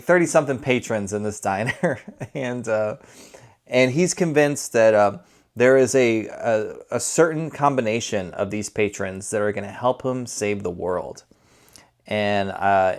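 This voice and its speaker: A man giving a casual spoken movie review, conversational and rambling, often correcting himself as he goes. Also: medium pitch. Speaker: film reviewer.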